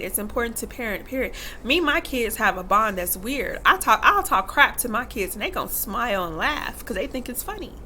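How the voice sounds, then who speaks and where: A woman's voice: fairly high pitch, sharp tone, slight background noise. A woman in her thirties talking candidly to the camera, emphatic and acting out quotes as she tells stories about parenting. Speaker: vlogger and mother. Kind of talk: casual talk to camera.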